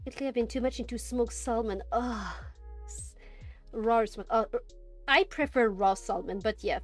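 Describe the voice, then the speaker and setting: A woman's voice: fairly high pitch, moderate pace, soft background music. A woman streamer reading an interactive story aloud, with playful joking asides.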